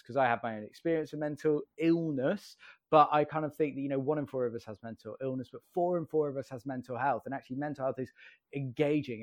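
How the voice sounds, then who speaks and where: A man, a comedian telling stories in a casual interview with lively energy. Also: medium pitch, dry recording. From English Midlands. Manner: animated, laughing storyteller. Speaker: comedian guest.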